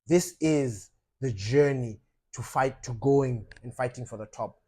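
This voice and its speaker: A man's voice: medium pitch, unhurried. A man hosting a fan channel, talking passionately about his football club and addressing viewers directly, with lots of fillers and emphatic outbursts. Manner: impassioned, rising to loud emphatic outbursts, frequent fillers.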